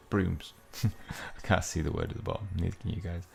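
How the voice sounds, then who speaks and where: A man's voice: sits low, fairly even intonation, a little fast, gravelly. A young man casually commentating a mobile game he plays, chatting loosely and reading the in-game text aloud as he goes. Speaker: mobile game let's-play host.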